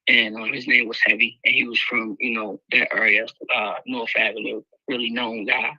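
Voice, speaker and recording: A man's voice: medium pitch, level tone, moderate pace, pushed and bright, husky, no room sound, lo-fi sound. A man telling a raw personal story, candid and emotional, full of fillers. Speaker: guest speaker sharing his life story.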